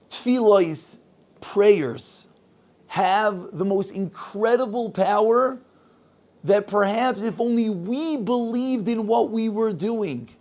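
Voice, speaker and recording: A man giving a sermon as a rabbi, telling a story and quoting its people with rising intensity. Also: sits high. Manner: animated storyteller, voices quotes with rising intensity.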